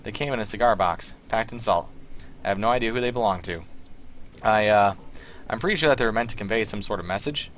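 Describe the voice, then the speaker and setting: A man voicing a nervous, indebted male hacker with a put-on Southern accent, talking in halting, filler-heavy bursts. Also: fairly low pitch, fairly bright tone, slight background noise, close to an everyday voice.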